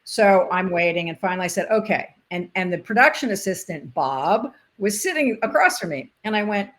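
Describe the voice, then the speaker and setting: In a casual interview, a former sportscaster and umpire, now older, tells stories fairly quickly with few pauses in a mid-range voice. She's an animated storyteller who acts out quoted dialogue.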